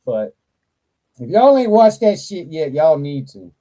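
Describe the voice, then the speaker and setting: A man hosting a casual live toy chat, talking with animated, profane energy and frequent laughter. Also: on the high side, low-quality recording. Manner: animated, profane, laughs a lot, slow drawl. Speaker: toy channel livestream host.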